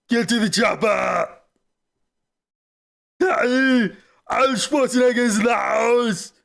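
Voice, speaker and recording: A streamer impersonating a gruff action hero, shouting commands in a slow, gravelly, blustering voice from off the mic. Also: medium pitch, voice pushed up. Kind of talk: comedic impression on stream.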